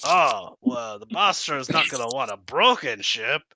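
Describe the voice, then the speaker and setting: A man's voice: medium pitch, big pitch swings, normal speed, pushed and bright, slight background noise. A man voicing a small scheming male kobold with a French accent, eagerly bargaining. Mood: wheedling.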